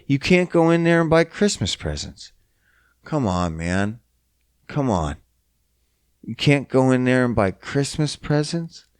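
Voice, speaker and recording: Profane ranting man, slow animated delivery. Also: mid-range voice, clean tone, dry recording, studio quality. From Canada. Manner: profane, exasperated, mocking. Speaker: podcast host. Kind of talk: casual solo rant.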